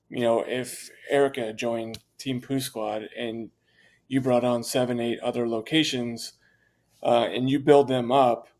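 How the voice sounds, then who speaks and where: Here a man talks as a podcast guest about his franchise business, confident and chatty but prone to fillers and starting over. It's candid interview conversation, delivered in a mid-range voice.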